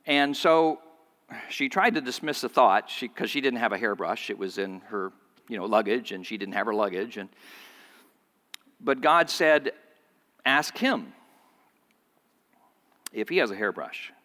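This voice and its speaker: A man's voice: expressive, moderate pace, fairly bright tone, long reverb tail. A man preaching a sermon to his congregation, telling a story and acting out the voices of the people in it. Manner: storytelling, voices quoted speakers with pitch jumps. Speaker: pastor.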